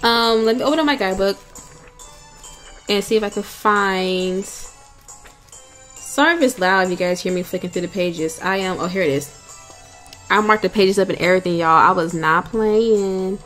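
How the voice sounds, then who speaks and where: A woman's voice: mid-range voice, moderate pace, pauses often, fairly bright tone, faint music behind. A young woman giving chatty, giggly commentary while playing a game, talking to viewers as y'all. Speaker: let's play gamer.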